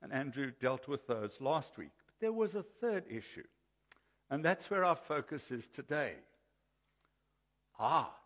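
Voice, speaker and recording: A man preaching a sermon as pastor in a measured, emphatic way, in an old recording from a church. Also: medium pitch, fairly bright tone, breathy edge. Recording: old sermon recording with long hall reverb.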